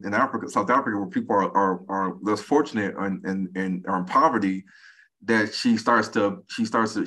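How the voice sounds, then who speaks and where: A man in his forties, a podcast guest chatting casually and acting out quoted speech as he tells stories. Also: lowish voice. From United States. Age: 40s. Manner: animated storyteller, acts out quoted speech. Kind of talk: casual conversation.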